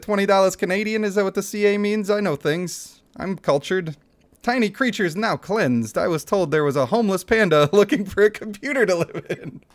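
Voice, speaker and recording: Animated male gaming streamer, fairly high voice. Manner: animated, laughs often, reads chat aloud. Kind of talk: casual gaming livestream chat.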